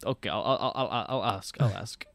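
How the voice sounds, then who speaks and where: A man's voice: fairly low pitch, fairly quick, gravelly. A man voicing a fussy, campy male assassin doctor in a put-on foreign accent. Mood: embarrassed.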